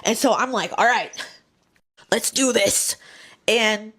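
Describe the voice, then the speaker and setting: A young woman tells a personal story in a casual, lively way. Her voice sits a bit high. She acts out each person's lines as she goes. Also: slow. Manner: animated, acts out voices in quotes.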